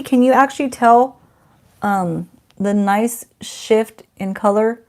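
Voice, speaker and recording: Chatty woman with a gravelly edge. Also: on the high side, slow pace, darkish tone. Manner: chatty, self-teasing, talks to someone off camera. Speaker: beauty vlogger. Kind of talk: casual unboxing chat.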